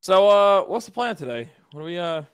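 A man's voice: high voice, very animated, brisk, a crowd in the background. A man in casual gaming chat, rambling with many fillers.

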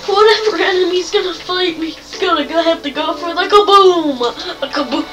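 A woman giving let's-play commentary, excitable and playful, often yelling and laughing. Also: extremely high pitch, normal speed. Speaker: gamer. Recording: distant mic with game music behind.

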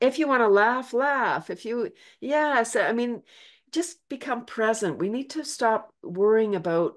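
A woman's voice: fairly high pitch, lively intonation, measured pace. Chatty older woman who laughs a lot. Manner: chatty, laughs often, acts out quotes. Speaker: guest, laughter yoga teacher. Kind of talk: casual interview chat.

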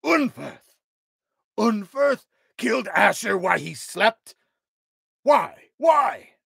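A man's voice: high voice, big pitch swings, slow pace, creaky, pushed and bright, breathy edge, dry recording, studio quality, pitched above the performer's own voice, full character voice. A man reading aloud as an aging king who is stricken with grief and furious for revenge, crying out and bellowing orders. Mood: raging. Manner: anguished cries and bellowed orders.

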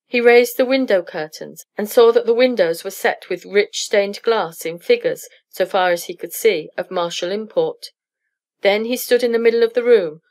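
A woman narrating a classic story aloud in a steady, clear reading for English learners. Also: mid-range voice.

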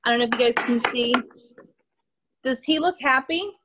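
A young woman with a Midwestern American lilt leads a children's storytime over a video call, reading a picture book aloud. Her voice sits a little high, and she keeps it animated and encouraging, coaxing the kids to join in. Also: moderate pace, background noise. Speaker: art teacher.

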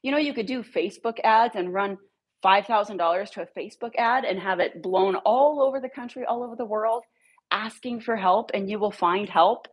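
A woman's voice: medium pitch, moderate pace, breathy edge, lo-fi sound. A woman who runs a dog rescue, telling a heated story to her followers in a blunt way and swearing freely.

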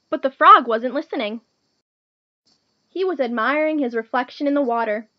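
Lady reading a picture book to kids, high lively voice, kinda dull dry audio. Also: moderate pace, dry recording. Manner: clear, gentle, teacherly to children. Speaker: storytime reader. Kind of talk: children's picture-book read-aloud.

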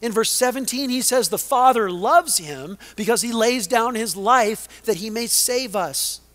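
Male pastor, high voice, deliberate sermon delivery with loud-to-hushed dynamics. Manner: preaching with dramatic swings from loud to hushed.

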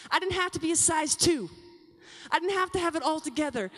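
A young woman speaking to a women's session at a youth conference, animated and confiding, talking straight to the audience. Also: extremely high pitch, a little fast. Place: large conference hall. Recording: long hall reverb from a large venue.

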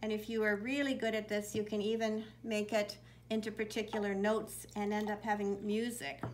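A woman leading children's worship, reading a Bible story aloud in a gentle storytelling manner with occasional fillers. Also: mid-range voice, level tone, moderate pace, slight background noise, low-quality recording.

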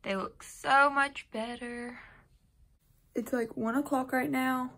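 A woman's voice: high voice, fairly even intonation, takes it slowly, sharp tone. A sleep-deprived teenage woman, vlogging casually at home in a chatty, rambling way with apologetic asides. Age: teens. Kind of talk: casual vlog talk to camera.

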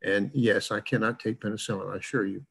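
A man's voice: on the low side, fairly even intonation, fast, creaky, a bit bright, breathy edge, rough recording. An older man from the American South with a plain Midwestern-sounding accent, lecturing in an online class in a chatty, rambling way with lots of fillers.

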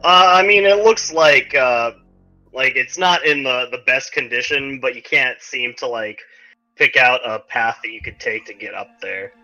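A man's voice: medium pitch, normal speed, pushed and bright. A man narrating as game master for a tabletop game, rambling with many fillers. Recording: dull lo-fi recording, faint music.

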